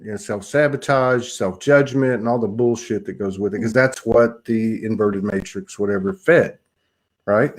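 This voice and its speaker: Earnest male host. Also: medium pitch. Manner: earnest, affirming, frequent agreement. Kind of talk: casual spiritual chat.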